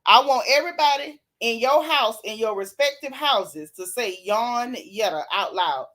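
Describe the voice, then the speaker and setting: A woman's voice: fairly high pitch, normal speed. Sassy woman gossiping on a live stream. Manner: sassy, animated, Southern Black vernacular gossip; yawns and laughs often. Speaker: reality TV recap host reading live chat. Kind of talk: casual live-stream chat.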